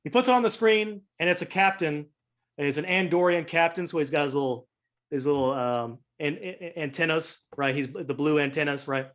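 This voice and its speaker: A male game master narrating a tabletop game in a loose, rambling way, with plenty of fillers. His voice sits a touch above average in pitch. The recording is slightly dull and lo-fi. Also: moderate pace, fairly bright tone.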